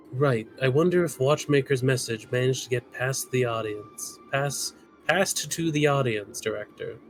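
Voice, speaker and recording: A man's voice: medium pitch, measured pace, soft background music, low-quality recording. A man co-streaming a game, reading character lines and hamming up a put-on Southern accent. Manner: playful, drawls in a put-on Southern voice.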